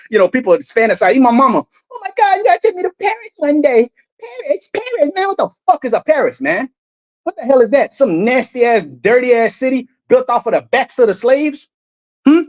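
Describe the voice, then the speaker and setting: A man's voice: sits high, lo-fi sound. A man preaching fiercely over video clips, swearing freely and often stumbling over repeated words. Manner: heated, profane, repeats and restarts words. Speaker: street preacher.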